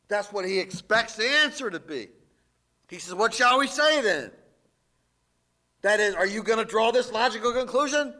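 A man preaching a sermon and reading scripture in a church, emphatic with dramatic swings in loudness. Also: sits high, expressive, moderate pace. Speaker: pastor.

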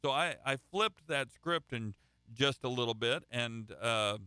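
Bright, crisp-voiced male preacher. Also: medium pitch, a little slow, no echo, studio quality. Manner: conversational preaching with restarts and folksy stories. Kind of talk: sermon.

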